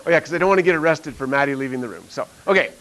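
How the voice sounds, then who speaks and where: A man's voice: a little high, rapid-fire, a bit bright, poor audio. A middle-aged man, a math teacher, telling a story in a classroom, rambling with lots of fillers and frequent laughs. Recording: faint hiss.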